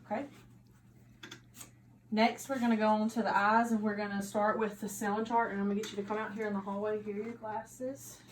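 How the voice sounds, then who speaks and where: A woman who is a nursing student, narrating a physical assessment step by step with steady, instructive directions. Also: medium pitch, fairly quick, a little hiss or hum. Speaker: nursing student performing an exam. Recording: echoey room with faint ambience.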